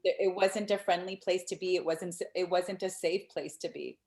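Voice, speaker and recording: A woman interviewing a guest, who talks in a chatty, quick way and laughs easily. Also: lowish voice, steady tone, darkish tone, echoey room. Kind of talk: interview conversation.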